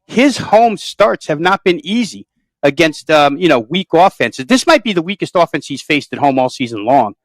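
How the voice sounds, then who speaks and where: A man's voice: on the high side, very animated, moderate pace, dry recording, low-quality recording. Thorough, detailed male sports handicapper. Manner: thorough, detailed, long-winded. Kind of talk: detailed betting analysis.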